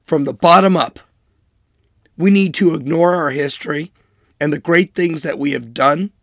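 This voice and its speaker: Clean studio sound with no echo carries a man's fairly high, slightly bright voice at a moderate pace. Hosting a political commentary show, he mocks with air quotes through an emphatic, sarcastic, opinionated monologue.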